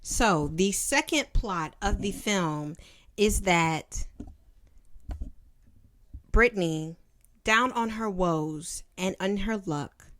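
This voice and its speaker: A young woman in her twenties reviews a childhood film in a playful, slangy, sarcastic way. She takes her time, with an unhurried, drawn-out delivery. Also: mid-range voice, lively intonation, fairly bright tone. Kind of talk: casual commentary.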